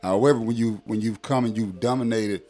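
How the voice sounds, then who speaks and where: A man's voice: on the low side, fairly quick, dark tone. A man in his thirties speaking as a parent in a casual conversation, blunt and emphatic with many fillers. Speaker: guest parent.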